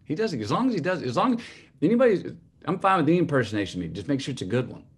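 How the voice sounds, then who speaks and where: A man in his fifties, a guest telling an anecdote in an animated way and laughing along with it. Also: fairly high pitch, rapid-fire, slightly rough. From Texas. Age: 50s. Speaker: guest, memoir author. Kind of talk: anecdotal storytelling.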